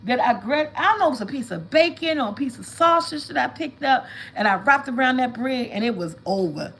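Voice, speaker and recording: A woman's voice: high voice, a little fast, gravelly, slight background noise, rough recording. Chatty woman vlogging. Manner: chatty, animated storytelling, addresses viewers as y'all. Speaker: vlog host. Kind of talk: casual livestream chat.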